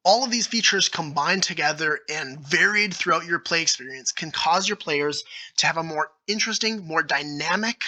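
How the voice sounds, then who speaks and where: Bright-voiced man explaining game rules. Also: on the high side, normal speed, poor audio. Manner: enthusiastic, thinking aloud with fillers and restarts. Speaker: YouTube creator. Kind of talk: solo commentary on game rules.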